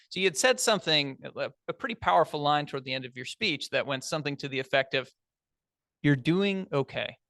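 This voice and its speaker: A man with a slightly high-pitched voice gives spoken feedback on a speech to a room full of people. He is encouraging and down to earth, chatting more than lecturing. His voice sounds close and dry, with almost no room sound. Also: pushed and bright, no room sound. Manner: encouraging, conversational, plain-spoken. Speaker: speech evaluator. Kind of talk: spoken speech evaluation to an audience. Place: large meeting room.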